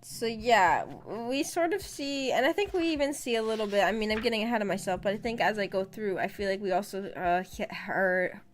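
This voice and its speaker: A woman's voice: medium pitch, lively intonation, a little fast, few pauses, faint music behind. Giggly chatty woman streamer. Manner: giggly, chatty, reads chat aloud. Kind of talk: casual book discussion.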